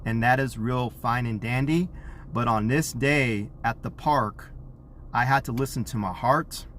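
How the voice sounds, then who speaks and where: A man speaks with a mid-range voice, earnest and animated as he tells a personal story to the camera. He slips into the words people said, carrying the listener along as a parent who cares. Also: mid-range voice, measured pace, a little hiss or hum. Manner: earnest, animated retelling with acted quotes; self-described introvert.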